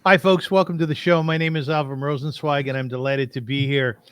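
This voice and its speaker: A man's voice: on the high side, fairly even intonation, fairly quick, fairly bright tone, clear, resonant tone, dry recording. A man hosting an interview show, talking in a chatty way and laughing easily. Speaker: host. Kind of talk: casual interview talk.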